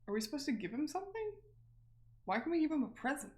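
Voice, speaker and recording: A woman's voice: high-pitched, big pitch swings, quick pace, darkish tone. A woman streaming a game, chatting casually with a giggly, rambling manner.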